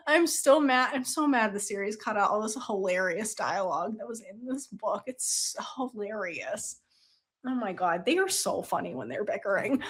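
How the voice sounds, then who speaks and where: A woman's voice: a little high, fairly bright tone. A woman hosting a casual book review, retelling scenes with quoted dialogue, laughing often and swearing casually.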